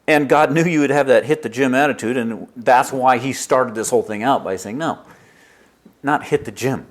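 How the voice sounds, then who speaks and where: A man preaching a sermon, lively and storytelling, acting out little dialogues as he explains a passage. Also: mid-range voice, fairly quick. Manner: lively preaching, acts out dialogue with God in his stories. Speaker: pastor.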